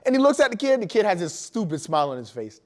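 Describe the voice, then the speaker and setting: A man giving an energetic motivational talk to school staff in a large room, telling stories and asking the audience questions. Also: high-pitched, fast talker. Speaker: motivational speaker.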